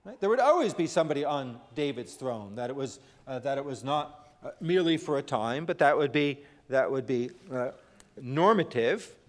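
A male preacher reading scripture and explaining it in a sermon, halting with frequent "uh", rising when he quotes and dropping low at the ends of phrases. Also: animated. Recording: long hall reverb.

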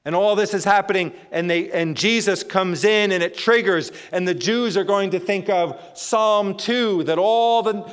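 A man's voice: high-pitched, moderate pace, hardly any pauses, a bit bright, smooth. A male pastor preaching a sermon to his congregation, emphatic, repeating phrases and often restarting his sentences. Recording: long hall reverb.

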